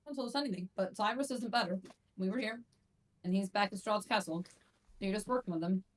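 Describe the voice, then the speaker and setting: A woman's voice: medium pitch, fast talker. A woman playing in a tabletop game, talking bluntly and with some exasperation. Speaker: player. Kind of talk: casual chat in a tabletop game.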